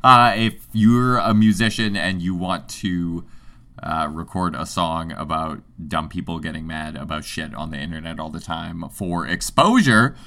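A man from Canada co-hosting a podcast, cracking dry, deadpan jokes in casual banter. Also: deep voice, a little slow. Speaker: podcast co-host.

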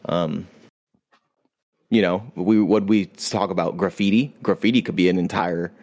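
A man's voice: low-pitched, steady tone, a little slow, a little mellow. A man co-hosting a podcast in a laid-back, agreeable way, with easy slang. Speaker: podcast co-host. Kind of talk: casual podcast chat.

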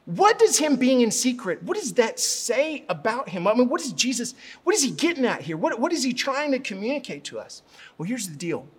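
A middle-aged man, a pastor, preaching a sermon and telling a story, rising to loud, fervent prayer. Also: very high-pitched, sing-song, fairly quick, breathy edge.

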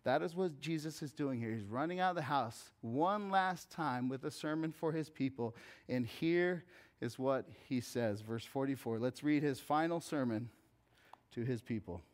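A man preaching a sermon as pastor, swinging from hushed, intimate lines to loud, emphatic calls. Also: medium pitch, normal speed.

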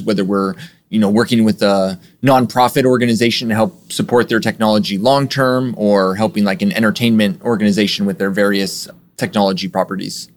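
Low-voiced man explaining his agency. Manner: relaxed, filler-heavy explaining. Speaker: guest, software agency owner. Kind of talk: casual interview answers.

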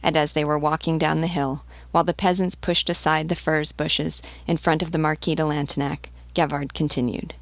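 Audiobook reader, woman, low and gravelly, measured pace, dry close sound. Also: flat delivery, no room sound. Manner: measured, deliberate reading. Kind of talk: literary audiobook narration.

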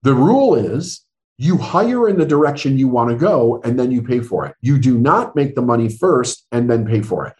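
A man's voice: mid-range voice, sing-song, normal speed, darkish tone. A middle-aged man, a business coach being interviewed, telling stories earnestly and acting out the dialogue he quotes. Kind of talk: storytelling interview answers.

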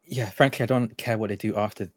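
Man player, low voice, blunt, dry close sound. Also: fairly even intonation, fast talker, no echo.

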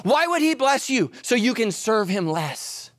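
A male pastor delivering a sermon with a high, lively voice that climbs and drops. He tells his stories with humor and swings from loud emphasis to hushed asides. The recording is dry and close, with no room echo. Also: measured pace.

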